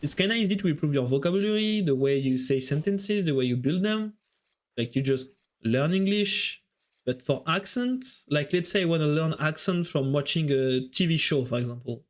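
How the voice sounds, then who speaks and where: Male esports caster, French accent, lightly raised voice, casual live-stream chatter. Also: on the high side. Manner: chatty, thinks aloud, quick reactions to the match. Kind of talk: live game commentary while chatting with viewers.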